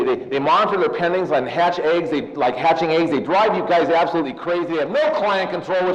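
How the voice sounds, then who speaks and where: Man giving a seminar in a hall. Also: on the high side. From Southern California. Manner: lively, jokey, keeps addressing the audience as "you guys". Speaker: seminar speaker for loan officers. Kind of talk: live seminar talk with personal storytelling. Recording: echoey hall, dull lo-fi sound.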